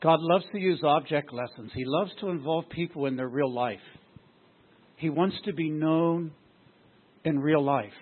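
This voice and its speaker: High-voiced husky preacher, tinny sound. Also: male voice, unhurried. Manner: asks the congregation rhetorical questions. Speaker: pastor. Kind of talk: sermon.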